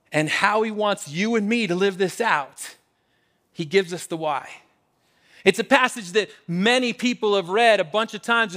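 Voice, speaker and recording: High-voiced animated male pastor preaching. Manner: animated preaching with emphatic repetitions, slowing to a hush on key phrases. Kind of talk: sermon. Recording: church service.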